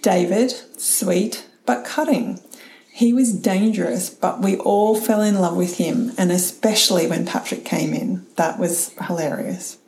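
A middle-aged woman hosts a reflective solo talk, her voice mellow and relaxed. She is candid and chatty, with easy laughs and casual swearing, heard in a roomy space. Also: lowish voice, unhurried, gravelly, slight background noise.

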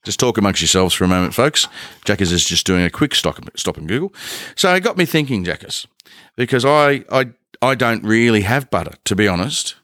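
A man's voice: fairly low pitch, sing-song, brisk, fairly bright tone, no room sound, clean studio sound. A man co-hosting a podcast, chatting casually in a jokey, rambling way and laughing often. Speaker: podcast co-host. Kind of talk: casual chat.

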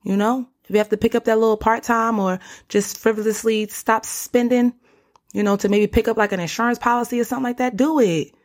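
A woman's voice: a little high, fairly even intonation, a little fast. A young woman hosting a solo podcast, talking casually and animatedly in slang, often calling the listener honey or baby. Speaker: podcast host.

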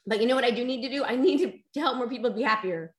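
A woman coaching her online audience with emphatic, exhorting force and a tearful edge in her voice. She sits a little high for a woman's voice. The sound comes from a rather echoey room. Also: very fast. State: emotional, tearful. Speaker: motivational coach. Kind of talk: live online motivational talk.

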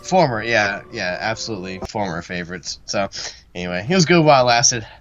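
A man co-hosting a casual podcast, easygoing and quick to laugh along. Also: fairly low pitch, lively intonation, a bit bright, muffled recording, a little hiss or hum. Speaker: podcast co-host.

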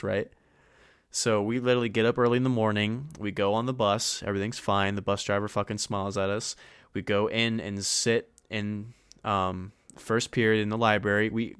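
A young man co-hosting a podcast, telling a rambling, profane story in casual chat and getting animated as he retells it. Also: fairly low pitch, smooth, no room sound, clean studio sound. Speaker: podcast co-host.

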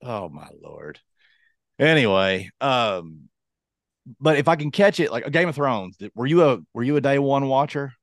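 A man's voice: medium pitch, animated, measured pace, dry recording, clean studio sound. A man co-hosting a casual chat, rambling and self-deprecating, acting out quotes in a raised voice. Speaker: podcast co-host.

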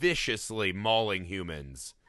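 A man talking casually about a movie with friends, animated, laughing often and acting out lines from scenes. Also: low voice, a little slow, no room sound, studio quality. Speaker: podcast co-host.

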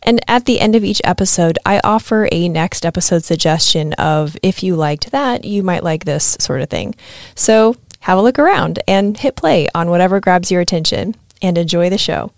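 A woman's voice: fairly low pitch, normal speed, creaky, no room sound. Woman host with a dry, close sound. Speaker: podcast host. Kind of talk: scripted podcast intro.

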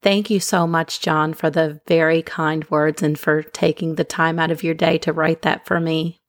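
A woman hosting a podcast, talking to her listeners in a calm, gentle, unhurried way into a microphone. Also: sits low, dry recording, studio quality. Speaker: podcast host. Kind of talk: casual chat to listeners.

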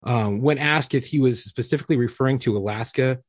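A man co-hosting a podcast, reading news items aloud and tossing in blunt, profane asides in casual chat. His voice has a slightly husky edge at a middle pitch. The recording is close and dry. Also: fairly quick, dry recording. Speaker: podcast co-host.

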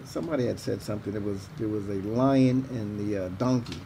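A man co-hosting a casual faith talk show, telling stories with animated character voices. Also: fairly low pitch, a little fast, gravelly, background noise. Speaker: co-host. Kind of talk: casual chat.

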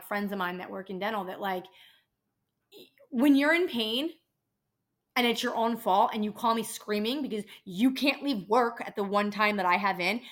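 Fed-up woman venting about her job, kinda high and bright, lots of swearing. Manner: exasperated, profane ranting. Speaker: podcast host, dental office worker. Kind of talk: casual venting monologue.

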